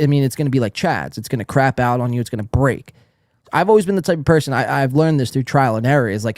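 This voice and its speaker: A man's voice: medium pitch, darkish tone, no echo, studio quality. A young man hosting a podcast in casual chat, brash, teasing and profane. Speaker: podcast host.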